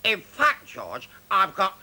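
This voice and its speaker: A cheeky, boastful puppet from a children's show, brash and gloating. The voice grates, gravelly and piercingly sharp, and swings around a lot. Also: mid-range voice, wildly swooping pitch, takes it slowly, heavily acted.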